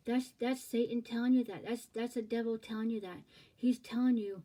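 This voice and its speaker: Earnest, repetitive woman preacher; warm, slightly high voice. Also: fairly even intonation, moderate pace, rough recording. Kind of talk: informal preaching to camera.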